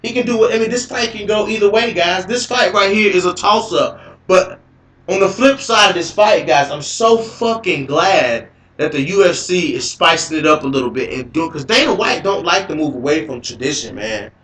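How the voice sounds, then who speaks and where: A man hosting a casual mixed martial arts talk show. He rambles, curses and repeats himself as he gets excited. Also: sits high, normal speed. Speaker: host of MMA talk show. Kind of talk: casual live-stream commentary. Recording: echoey live-stream audio.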